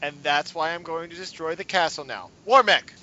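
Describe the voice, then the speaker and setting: A man's voice: fairly high pitch, normal speed, bright, forceful tone. A man playing a tabletop game, sarcastic and cheerfully destructive in character. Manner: sarcastic, plays his character with gleeful destructiveness. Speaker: player. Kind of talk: casual tabletop role-play. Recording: dull lo-fi podcast audio.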